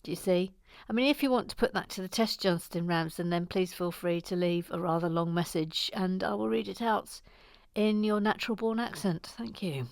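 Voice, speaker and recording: A woman from Deeside hosting a Lego building channel, chatting gently and self-deprecatingly as she reads viewer comments, sometimes dropping to a whisper. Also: lowish voice, normal speed, creaky, no room sound, clean studio sound. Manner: soft-spoken, gentle, self-deprecating, drops to a whisper at times. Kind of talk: casual chat while building and reading comments.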